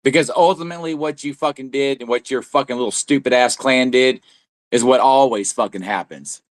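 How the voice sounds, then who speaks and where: A man's voice: mid-range voice, brisk, no echo, clean studio sound. A man co-hosting a livestream, delivering a heated, profane, accusatory tirade. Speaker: livestream co-host. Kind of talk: angry livestream rant.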